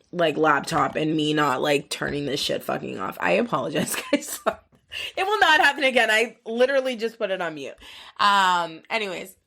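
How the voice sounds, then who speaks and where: A woman's voice: deep voice, creaky, fairly bright tone. A woman in her twenties hosting a podcast, telling a long story in a rambling, profane way full of filler words. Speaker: podcast host. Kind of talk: casual storytelling monologue.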